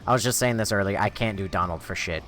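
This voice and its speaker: A man's voice: fairly low pitch, fast talker, faint music behind. A man chatting and joking as he plays a video game and reads chat. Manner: animated, jokey, chatty. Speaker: game streamer. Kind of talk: casual gameplay commentary.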